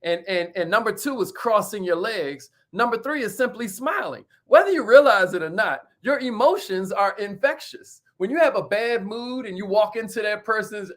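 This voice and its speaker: A man hosting a motivational talk, lively and emphatic, calling out to his audience like a preacher and repeating his key points. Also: sits high, normal speed, hardly any pauses. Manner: preacher-like call-and-response with the audience. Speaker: motivational host.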